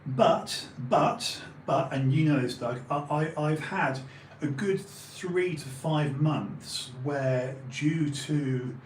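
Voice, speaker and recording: A man's voice: on the high side, slow pace, slight background noise. Guy in his late 40s rambling on a live stream, loads of ums and swearing, roomy echo. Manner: rambling, many fillers and restarts, candid swearing. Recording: roomy home recording, faint ambience.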